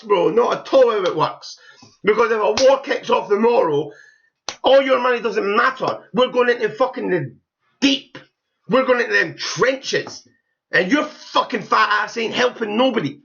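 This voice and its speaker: A man's voice: sits high, lively intonation, moderate pace, vocal fry, a bit bright, muffled recording. A young man giving blunt, scornful, profanity-heavy reaction commentary on a video. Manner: blunt, scornful, swears heavily. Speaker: YouTube commentator.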